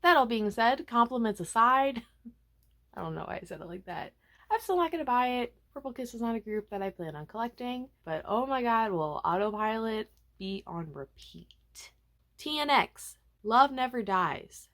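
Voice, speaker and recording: A young woman vlogger chatting casually about music releases, animated and self-mocking, with frequent asides. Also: mid-range voice, moderate pace. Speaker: K-pop vlogger. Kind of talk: casual chatty album review.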